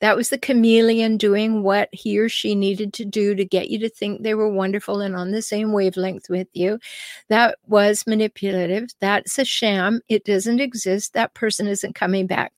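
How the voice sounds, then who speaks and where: A woman's voice: medium pitch, fairly even intonation, moderate pace, no room sound, clean studio sound. A woman relationship coach hosting her own show, talking straight to the listener and often asking rhetorical questions. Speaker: relationship coach and podcast host. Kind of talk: solo advice monologue.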